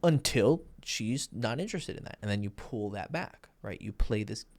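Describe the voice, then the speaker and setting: Blunt, profane man with a gravelly voice. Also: on the low side, animated, normal speed, a little mellow. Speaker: dating coach. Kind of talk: crude casual advice monologue.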